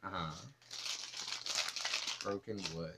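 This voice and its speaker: A man's voice: low-pitched, fairly even intonation, slow pace, background noise. A man co-hosting a horror web series in casual chat, playful and jokey, backing up his friend.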